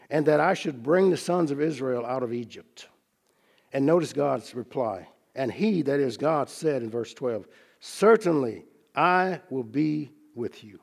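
A man preaching a sermon, teaching from scripture in a measured, earnest way and slowing down to stress key phrases. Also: a little high, gravelly, darkish tone, breathy edge.

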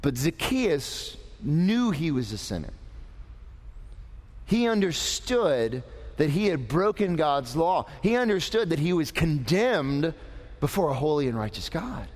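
A male preacher teaches young people in a slow, deliberate delivery, his fairly high voice rising and falling widely. He talks in an animated way and quizzes his listeners. The room carries a long reverb. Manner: animated, asks the audience questions. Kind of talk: lively sermon.

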